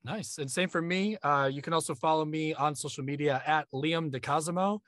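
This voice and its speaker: A man from New York chats on a podcast, joking and swearing freely. His voice sits a bit high. The mic is dry, with no room sound. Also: a little fast, no echo. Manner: joking, profane, animated. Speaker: podcast co-host, audiobook narrator. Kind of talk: casual podcast chat.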